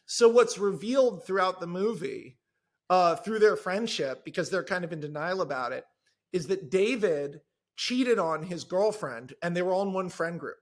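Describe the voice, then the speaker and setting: A man, a screenwriter guest on a podcast, in casual chat, telling an animated, rambling story with lots of asides. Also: high voice, normal speed.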